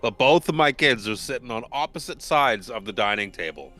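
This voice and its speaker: A man's voice: mid-range voice, expressive, a little fast, bright, forceful tone, faint music behind. A man who is a father, playing in a tabletop game and chatting with dry, crude humor. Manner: dry, crude joking, swears. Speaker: player. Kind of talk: in-character role-play and table chat.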